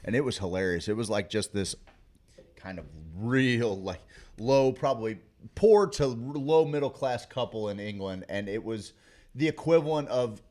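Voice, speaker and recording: A man's voice: fairly low pitch, expressive, normal speed, a little mellow. A man co-hosting a morning talk show, easygoing, trading quips and memories in casual chat. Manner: easygoing, chimes in with short quips and reminiscences.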